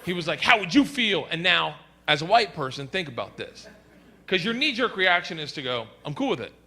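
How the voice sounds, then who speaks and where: A middle-aged man doing a stand-up comedy set, telling stories loudly and acting out quoted lines in shifting voices. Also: on the high side, sing-song, fairly quick. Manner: loud storytelling, acts out quotes in shifting voices. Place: comedy stage before a laughing audience. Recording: live stage mic with audience noise.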